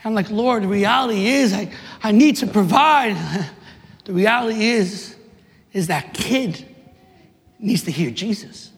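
A man, preaching passionately to young people, rising to emphatic shouts and dropping in joking asides. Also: sits high, unhurried, creaky, pauses often. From New York City, USA. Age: 30s. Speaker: youth minister. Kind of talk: preaching to a live audience. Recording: reverberant hall.

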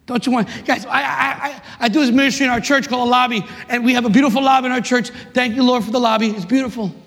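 A man preaching a sermon with passion, repeating his phrases and swinging from shouts to hushed tones. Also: extremely high pitch, fairly even intonation, fast talker. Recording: long reverb of a large hall.

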